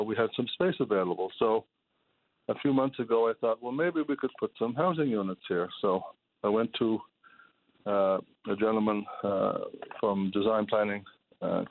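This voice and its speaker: A man, a hoarse charity manager calling in to a radio show, exasperated and pleading, repeating himself. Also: on the low side, normal speed. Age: 70s. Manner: exasperated, pleading, repetitive outbursts. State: hoarse, losing his voice. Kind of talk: call-in radio complaint. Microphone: telephone. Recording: tinny phone line.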